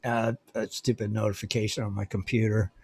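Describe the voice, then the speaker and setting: A man's voice: on the low side, level tone, fairly quick, vocal fry, darkish tone, husky. A man co-hosting a casual radio show, chiming in with short reactions and jokes. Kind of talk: casual chat.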